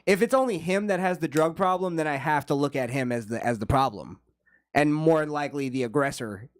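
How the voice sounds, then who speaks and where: A man's voice: fairly high pitch, brisk, dry recording, clean studio sound. A man hosting a podcast in casual, profane, laughing chat with his co-hosts. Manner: loose, profane, laughing often. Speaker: podcast host.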